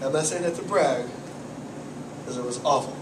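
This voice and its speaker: A man's voice: on the high side, normal speed. A man doing a rambling, self-deprecating stand-up comedy set, swearing and fretting, while he has a cold. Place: small cafe comedy night, from the audience area. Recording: echoey cafe room, camera far off, audible noise.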